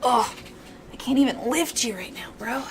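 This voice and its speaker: A woman's voice: fairly high pitch, moderate pace. A woman game streamer chatting casually and playfully with her viewers while she waits on her game. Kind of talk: casual livestream chat. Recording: steady background noise.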